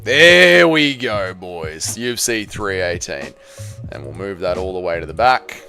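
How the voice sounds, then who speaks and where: A man's voice: low-pitched, animated, measured pace, gravelly, pushed and bright, faint music behind. A man hosting a casual livestream, reading viewer messages aloud with loose banter and muttering to himself while he works the computer. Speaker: livestream host.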